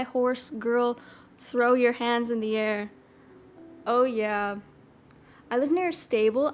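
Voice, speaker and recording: A young woman with a high, light voice rambles through casual chat as a streamer. She talks in loose, filler-heavy bursts and giggles between her thoughts.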